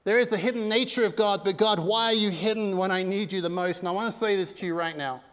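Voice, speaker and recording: A high-pitched man preaching a sermon with earnest, conversational energy and casual asides. His voice rings out in a church hall with a long, lingering reverb. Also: fast, a bit bright. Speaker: pastor. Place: church sanctuary.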